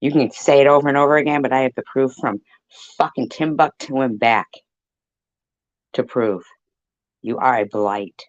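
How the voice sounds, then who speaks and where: A man delivering a profane, taunting rant straight to the camera, slow and deliberate. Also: fairly low pitch, dry recording, lo-fi sound.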